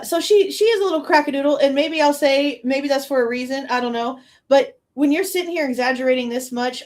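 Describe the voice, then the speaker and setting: A woman hosting a true crime reaction show, talking casually in an animated, incredulous way, with slang and frequent laughs. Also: on the high side. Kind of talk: casual commentary.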